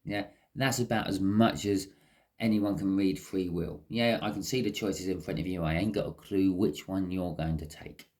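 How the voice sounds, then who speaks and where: A man giving a casual, chatty tarot reading, often checking in with "okay?". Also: moderate pace. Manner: chatty, lively rises in pitch, frequent "okay?" check-ins. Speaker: tarot reader.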